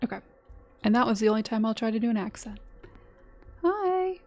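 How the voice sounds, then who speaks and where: A woman's voice: on the high side, little pitch movement, racing. A woman streaming a game, reading its dialogue aloud between chatty asides. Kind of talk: live-streamed gameplay commentary.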